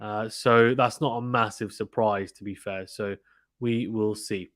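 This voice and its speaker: A man's voice: on the low side, fairly even intonation, measured pace, a bit bright, dry recording, clean studio sound. A man hosting a casual live tennis watchalong, chatting with viewers and often repeating himself. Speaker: live stream commentator. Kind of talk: casual play-by-play watchalong chat.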